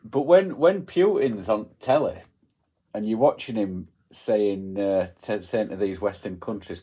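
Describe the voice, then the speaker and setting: A man's voice: lowish voice, a little slow, dark tone, husky. A man co-hosting a podcast in casual chat, blunt and salty, often ending with tag questions. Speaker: podcast co-host.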